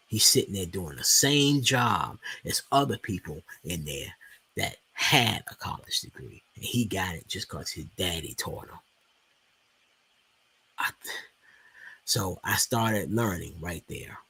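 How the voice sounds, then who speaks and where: A man's voice: deep voice, creaky, sharp tone, slightly rough. A man in his forties with a Washington DC accent, telling a heated, profane story in a casual rant full of restarts. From Washington DC, USA. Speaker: stock market video host. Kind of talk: casual ranting monologue.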